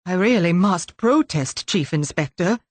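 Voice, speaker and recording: A woman's voice: lowish voice, expressive, unhurried, no echo. A woman voicing a prim, nervous male lawyer who gabbles in an audiobook. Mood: flustered.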